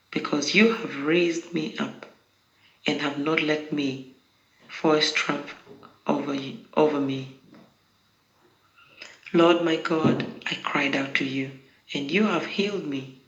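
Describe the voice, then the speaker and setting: Prayer leader, unhurried liturgical recitation, crisp bright tone with some fry. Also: mid-range voice, lo-fi sound. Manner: slow, measured, solemn recitation. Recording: roomy echo.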